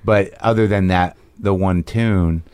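Halting man interviewer, lowish voice. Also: steady tone, darkish tone, smooth, no echo, clean studio sound. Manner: halting, with many restarts and repeated words. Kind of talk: casual interview.

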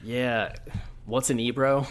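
A man's voice: mid-range voice, fairly even intonation, slow pace. A man co-hosting a podcast in casual joking chat, sardonic and often laughing, trailing off with fillers. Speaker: podcast co-host.

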